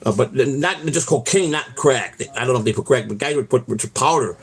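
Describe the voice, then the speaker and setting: A man with a husky, slightly breathy voice at an everyday middle pitch tells loose, rambling stories as he walks outdoors. He swears freely, restarts his sentences often and keeps dropping in "man" and "you know". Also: brisk. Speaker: vlog host. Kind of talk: rambling casual storytelling while out walking. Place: outdoors on a walk.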